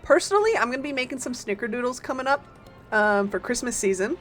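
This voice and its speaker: A woman streaming a game, chatting casually and playfully with her viewers, greeting them and teasing them in quick bursts. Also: on the high side, expressive, a bit bright, soft background music.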